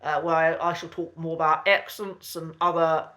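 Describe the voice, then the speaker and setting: Male accent coach, casual lesson delivery, bright tone, hesitant and polite. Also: fairly high pitch, little pitch movement. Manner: hesitant, with frequent ums and uhs and restarts; polite, measured and chatty. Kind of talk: casual spoken lesson to camera.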